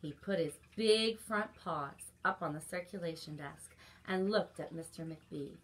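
A woman librarian reads a picture book aloud at children's story time, expressive and dropping little asides to the kids. Her pitch is fairly low and she goes a little slowly.

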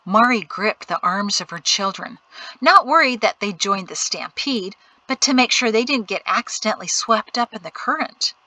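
A woman narrating an audiobook in an even, measured storytelling manner. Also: medium pitch, no room sound, rough recording. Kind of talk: scripted narration.

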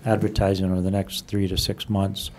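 Low, mellow-voiced man at a council meeting. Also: monotone, a little hiss or hum. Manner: halting, many restarts and fillers, insistent when challenged. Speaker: council member at a city meeting. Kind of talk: unscripted council discussion. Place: council chamber.

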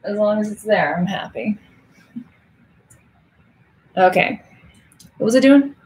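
A woman's voice: medium pitch, expressive, slow pace, darkish tone. A young adult woman hosting a casual livestream, chatting with viewers, laughing often and counting cards aloud as she works. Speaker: livestream host.

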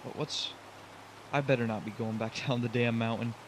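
A man's voice: mid-range voice, steady tone, moderate pace, noisy background. A young man commenting on his own driving game run, getting frustrated, pleading with the truck and groaning at his mistakes. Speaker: gaming channel host.

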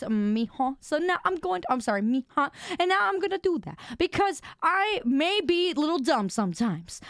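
A woman's voice: sits high, fairly bright tone, smooth, no room sound, clean studio sound. A young woman streamer chatting casually and rambling, laughing at herself as she trips over her words. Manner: giggly, rambling, self-mocking. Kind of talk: casual live-stream chat.

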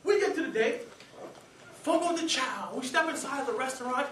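A young man giving a humorous contest speech, acting out scenes with lively energy. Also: very high voice, moderate pace, a little hiss or hum. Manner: animated, acts out scenes and voices. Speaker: contest speaker. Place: meeting hall stage. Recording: echoey hall, distant mic. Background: audience laughter.

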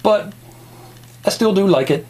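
A man's voice: high voice, animated, measured pace, darkish tone, husky. A man rambling casually through a toy review.

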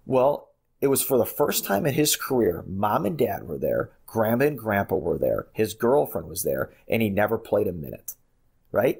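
Low husky guy, basketball coach on a podcast, tells stories fast and keeps restarting. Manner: animated storytelling, many restarts. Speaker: college basketball head coach, guest. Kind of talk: podcast interview.

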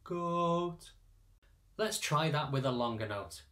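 A man who teaches choir singers, calmly explaining step by step how to read lyrics in sheet music. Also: mid-range voice, moderate pace. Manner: patient, methodical explaining. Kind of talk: instructional narration.

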